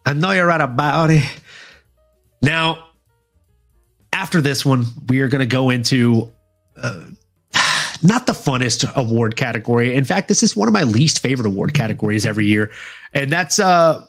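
A man's voice: medium pitch, expressive, a bit bright, soft background music. A man co-hosting a fan awards show, chatting casually with lots of fillers. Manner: laid-back, filler-heavy, drawn-out phrasing. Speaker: podcast co-host. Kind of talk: casual chat.

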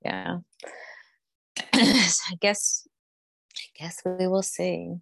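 A woman's voice: on the low side, drawn-out words, gravelly, fairly bright tone, dry recording. A woman co-hosting a podcast, chatting frankly and casually with lots of fillers. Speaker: podcast co-host. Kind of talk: casual chat about reality TV.

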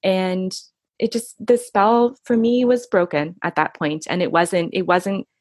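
A middle-aged woman speaking softly and reflectively in an intimate interview, often pausing and restarting her sentences. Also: fairly low pitch, fairly even intonation, no room sound, studio quality. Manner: soft, reflective, halting with restarts. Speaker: guest recounting her husband's death.

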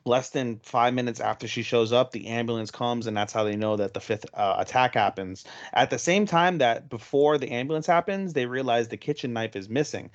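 A man in a casual podcast conversation, cutting in to set the record straight on story details. His mid-pitched voice comes through slightly muffled, with a lo-fi dullness to the audio. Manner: corrects details, fast detailed recaps, casual swearing. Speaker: podcast co-host. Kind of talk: casual chat about an anime episode.

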